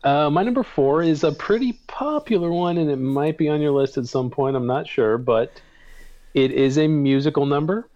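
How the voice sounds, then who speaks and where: A man co-hosting a podcast in relaxed, casual chat. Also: fairly high pitch, moderate pace, highs cut off. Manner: relaxed, brief replies. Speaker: podcast co-host.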